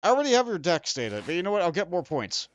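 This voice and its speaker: A man's voice: high-pitched, very animated, racing. A young man streaming a video game, rambling and poking fun at himself while he talks to the creatures on screen. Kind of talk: let's play commentary.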